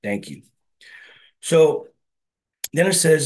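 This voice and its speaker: A man's voice: mid-range voice, moderate pace, slightly rough. A man giving an earnest, conversational personal share at a recovery meeting, often checking in with his listeners. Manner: earnest, conversational, keeps asking "right?". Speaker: speaker sharing at a recovery meeting.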